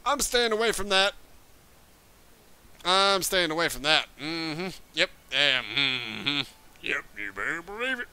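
Excitable young man yelling over gameplay. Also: on the high side, takes it slowly, clean tone. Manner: excitable, swears often, yelps and gasps at scares. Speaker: gaming video creator. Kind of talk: casual gameplay commentary.

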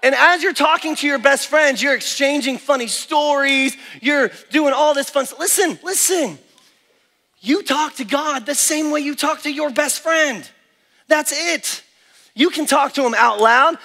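A man speaking at a kids camp, preaching to children in an animated, energetic way and acting out little prayers. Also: very high-pitched, measured pace, creaky. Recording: echoey hall with faint music.

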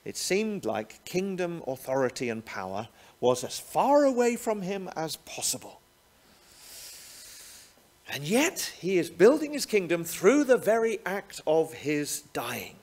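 A man delivers a sermon in a slightly high voice. His pitch swings widely as he leans on rhetorical questions to draw the listener in. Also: measured pace. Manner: animated, rhetorical tag questions. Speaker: pastor.

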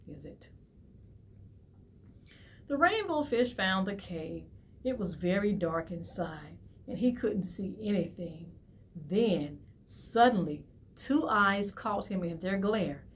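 Animated woman reading storytime. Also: lowish voice, a little hiss or hum. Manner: animated, asks children questions. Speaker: library storytime host. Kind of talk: reading a picture book to preschoolers.

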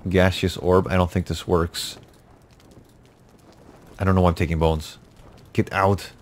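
A man's voice: low-pitched, level tone, measured pace. A man giving casual, jokey commentary over his own gameplay, talking to himself with exasperated outbursts. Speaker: gaming YouTuber.

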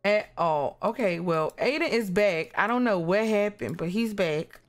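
A woman's voice: medium pitch, measured pace, hardly any pauses, soft background music. A woman casually commenting on her life-simulation game, talking to the characters and exclaiming at what they do. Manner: animated, exclaiming, talks to the characters. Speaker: gaming YouTuber.

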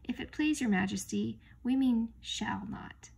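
A small, brave talking mouse speaks with slow, formal courtesy, as a woman reading aloud puts him on. His voice comes through husky and gravelly. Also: on the high side, darkish tone, exaggerated voice.

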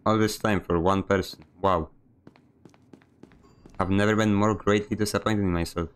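A man's voice: on the low side, steady tone, normal speed, clean tone. A man streaming a video game, giving a sarcastic, grumbling running commentary. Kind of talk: live gameplay commentary.

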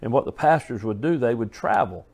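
A man's voice: mid-range voice, lively intonation, a little fast, gravelly, darkish tone. A man preaching a sermon, earnest and folksy, telling stories and often restarting his phrases.

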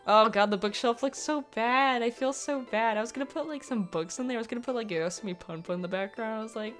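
A woman's voice: fairly high pitch, fairly quick, hardly any pauses, fairly bright tone, soft background music. A young woman giving casual, rambling commentary over a speed paint, giggling often and poking fun at her own work. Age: young adult. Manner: giggly, rambling, self-deprecating. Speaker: digital artist.

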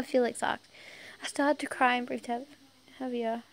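A woman's voice: high voice, level tone, brisk, darkish tone, low-quality recording. A young woman reading a fan story aloud, breaking off to giggle and comment, often stumbling over words. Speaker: fan fiction reader.

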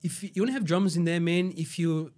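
Talking fast in a high, slightly mellow voice, this man is a podcast guest in a casual storytelling interview. He's from Brazil, raised in Australia with an Australian accent, and his telling is rambling and loose, packed with swearing and fillers.

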